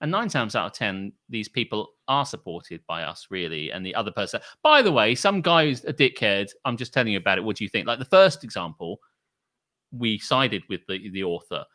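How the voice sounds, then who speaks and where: A man's voice: lowish voice, sing-song, a little fast, sharp tone. A man co-hosting a casual podcast, swearing freely and acting out quotes in mocking voices. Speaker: podcast co-host.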